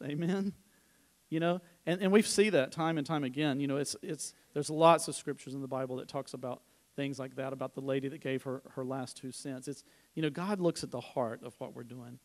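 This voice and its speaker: A man's voice: medium pitch, brisk. A middle-aged man giving a conversational sermon at church, telling personal stories with informal restarts and asides. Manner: informal storytelling, frequent restarts. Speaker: church speaker.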